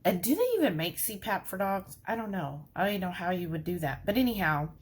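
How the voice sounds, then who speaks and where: A woman's voice: mid-range voice, sing-song, a little fast, slightly rough. A woman chatting casually to her viewers in a rambling way, often saying "y'all". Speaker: vlogger. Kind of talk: casual chat.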